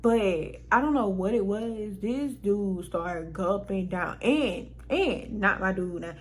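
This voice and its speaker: A woman's voice: mid-range voice, lively intonation, takes it slowly, breathy edge, rough recording. A woman vlogger telling a personal story in casual storytime style, frank and exasperated, swearing freely and laughing between lines.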